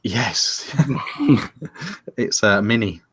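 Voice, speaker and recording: Chatty British man, fairly low voice. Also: very slow, pushed and bright, slightly rough. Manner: chatty, many fillers and restarts. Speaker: podcast co-host. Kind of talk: casual chat.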